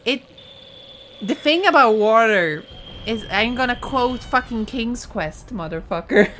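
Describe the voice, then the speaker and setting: A woman's voice: on the high side, animated, takes it slowly, a bit bright. A woman with a Swedish accent chatting casually on a game stream, swearing a lot, ranting and laughing. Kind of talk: casual chat.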